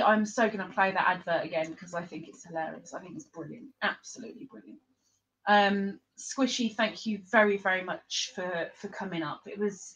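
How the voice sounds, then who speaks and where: A woman's voice: mid-range voice, muffled recording, a little hiss or hum. A woman hosting a casual livestream, chatting and giggling in a rambling, teasing way. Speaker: livestream host.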